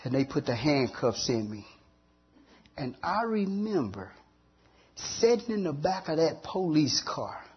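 Guy with a husky kinda high voice telling his testimony, earnest, lots of pauses, muffled lo-fi sound. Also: big pitch swings. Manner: earnest storytelling with long pauses and repeated words. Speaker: testimony speaker. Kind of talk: dramatic personal testimony.

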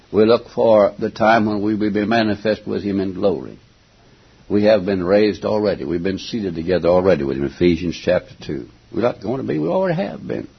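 Older guy preaching, folksy and emphatic, low gravelly voice, clears his throat a lot, muffled old tape. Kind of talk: sermon. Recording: dull lo-fi recording.

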